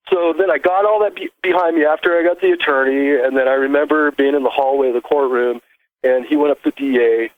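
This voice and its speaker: A man's voice: mid-range voice, no room sound. Rambling man on a tinny phone line. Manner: rambling, halting with many restarts and fillers. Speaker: caller. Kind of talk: casual call-in storytelling.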